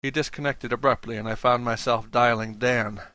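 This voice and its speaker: A man narrating a first-person audiobook in a measured, reflective way. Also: medium pitch, fairly even intonation, pushed and bright, no echo.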